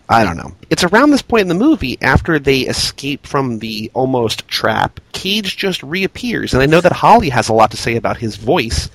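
A man co-hosting a movie podcast, talking in animated, incredulous bursts. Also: mid-range voice, no room sound, poor audio. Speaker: podcast co-host. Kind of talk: casual movie review chat.

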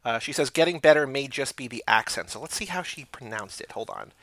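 A man co-hosting a casual podcast, reading listener emails aloud and adding quick asides. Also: mid-range voice, animated, pushed and bright, no echo.

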